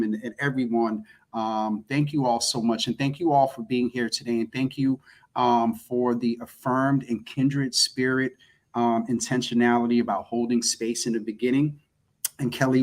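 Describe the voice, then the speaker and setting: A man with a Boston accent hosts a relaxed live chat over a video call, his voice sitting at an ordinary middle pitch. He stumbles and repeats words as he gets going, then settles into thanks and reminders. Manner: halting, repeats words when starting sentences. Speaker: host.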